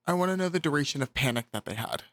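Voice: mid-range voice, lively intonation, rapid-fire, fairly bright tone, no echo. A podcast co-host chatting casually, reacting bluntly and swearing often. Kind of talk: casual chat.

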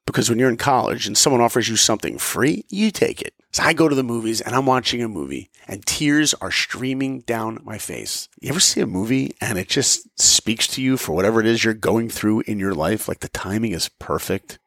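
Male motivational storyteller, gravelly voice, dry sound. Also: lowish voice, normal speed, few pauses, no room sound. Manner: animated, acts out dialogue. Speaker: motivational podcast speaker. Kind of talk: personal storytelling talk.

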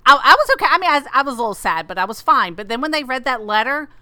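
A woman co-hosting a casual podcast, her voice bright and smooth with a lively, swooping pitch. She talks candidly, laughs a lot and swears freely, recorded close and dry. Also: racing. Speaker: podcast co-host. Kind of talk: casual chat.

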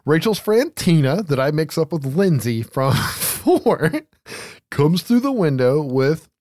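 Lively, laughing man recapping a movie. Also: on the high side, slow pace, no room sound, clean studio sound. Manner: laughing, swearing freely. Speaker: podcast co-host. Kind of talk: casual movie recap chat.

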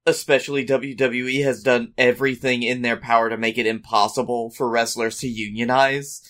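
Chill podcast guy, middle pitch, kinda hesitant, lots of ums. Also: little pitch movement, normal speed, fairly bright tone. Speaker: podcast co-host. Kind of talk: casual chat.

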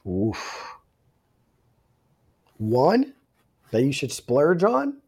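A man's voice: mid-range voice, extremely slow, breathy edge. Laid-back chef guy on a podcast, repeats himself while thinking, medium voice. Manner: relaxed, repeats phrases, thinks aloud. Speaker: chef guest. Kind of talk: casual interview chat.

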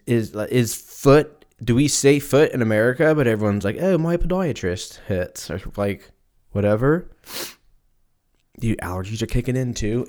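A man's voice: on the low side, a little mellow. A man in his twenties from Southern California, hosting a casual solo podcast and rambling, joking and swearing freely. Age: 20s. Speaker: podcast host.

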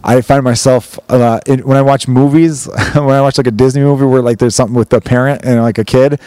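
A man's voice: mid-range voice, fairly even intonation, brisk, dark tone, no room sound. A man in his thirties from Chicago, chatting casually on a podcast, rambling and swearing as he acts out scenes from a story. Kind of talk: casual chat, animated storytelling.

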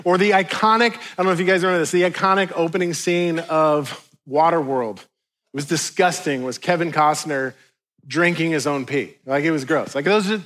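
A middle-aged male pastor delivers a sermon with a noticeably high voice. He keeps it conversational and jokes with the congregation. His asides come across as playful and loose. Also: moderate pace, a bit bright. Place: church hall with a congregation.

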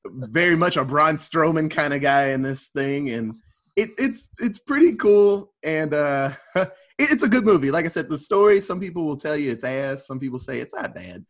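A man with a fairly high voice hosts a casual movie podcast. He rambles through his recap with a loose, profane, easygoing delivery and plenty of "uh"s. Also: animated, moderate pace. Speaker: podcast host.

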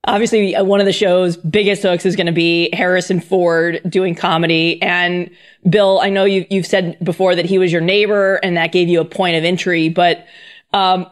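An interviewer on a video call, asking a question in a measured, matter-of-fact way. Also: medium pitch, little pitch movement.

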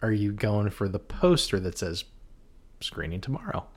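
A man in a loose, joking podcast conversation, wandering through his points with plenty of ums. His voice sits somewhat low. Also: sing-song, moderate pace. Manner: jokey, rambling, many fillers. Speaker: podcast co-host. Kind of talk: casual chat.

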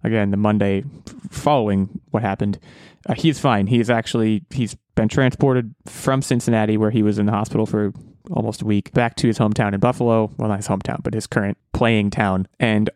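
A man's voice: fairly low pitch, steady tone, brisk, a little mellow, dry recording. A man in his thirties hosting a podcast, chatting casually in a self-deprecating, rambling way with frequent restarts. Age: 30s. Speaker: podcast host.

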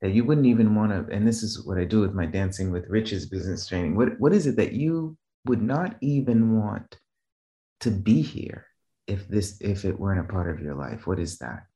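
A man with a fairly low voice tells stories in a casual, rambling way. He often checks in with "right?" and restarts his sentences. When he quotes other people, he lifts his voice into a higher register. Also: animated, normal speed, mellow. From Boston area, US. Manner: acts out quoted voices in a raised pitch. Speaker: guest, business trainer. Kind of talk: casual conversational storytelling.

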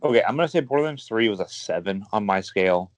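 Man, low-pitched, dry close mic, casual rambling podcast co-host. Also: expressive, fast, dry recording. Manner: rambling, enthusiastic gamer talk with many fillers. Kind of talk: casual chat.

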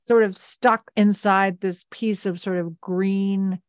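Animated woman retelling scenes, dry sound. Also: mid-range voice, no echo. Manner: animated storyteller, retells scenes with quick asides. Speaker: podcast co-host. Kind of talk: casual recap chat.

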